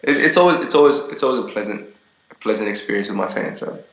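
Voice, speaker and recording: A man's voice: fairly low pitch, expressive, fast talker, vocal fry, a bit bright, reverberant, lo-fi sound. A young man being interviewed over a video call, telling stories in a rambling way with many restarts and fillers.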